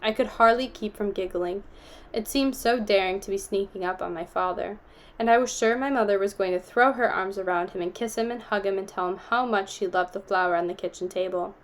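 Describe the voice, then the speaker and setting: A woman reading a novel aloud, telling the story steadily and giving the characters gentle voices. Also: mid-range voice, fairly quick. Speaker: audiobook reader.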